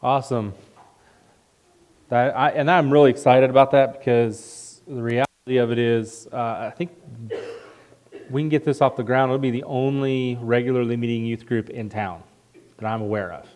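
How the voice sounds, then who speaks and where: A man, the pastor, making casual church announcements, joking and halting with many fillers. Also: medium pitch, steady tone, darkish tone. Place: church sanctuary.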